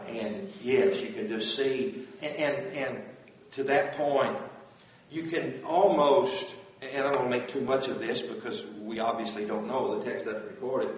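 A man giving a conversational Bible lesson, earnest and full of rhetorical questions to his listeners. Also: medium pitch. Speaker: Bible teacher. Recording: very echoey room from a distant mic.

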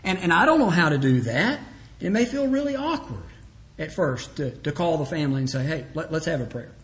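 A man's voice: fairly high pitch, sing-song, normal speed. A man preaching a sermon to a congregation, earnestly exhorting families, quoting scripture and acting out little conversations. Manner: earnest, exhorting, quotes scripture and acts out short dialogues.

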